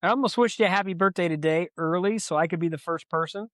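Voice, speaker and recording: A man co-hosting a podcast, telling stories in a lively way and acting out the quotes. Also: high voice, fast talker, no echo. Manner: animated storyteller, acts out quotes. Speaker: podcast co-host. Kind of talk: casual storytelling chat.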